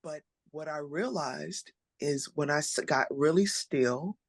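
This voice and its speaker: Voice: mid-range voice, dry recording. Earnest speaker with a dry, close sound, voice type uncertain. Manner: earnest, reflective, with pauses and restarts. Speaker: conference speaker. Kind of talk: heartfelt panel talk.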